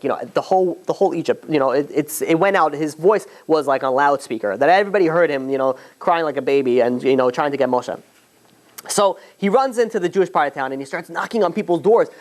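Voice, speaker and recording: Man telling a story to a class. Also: a little high. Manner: halting, full of restarts and "you know". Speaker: rabbi teaching a class. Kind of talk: informal storytelling lesson to students.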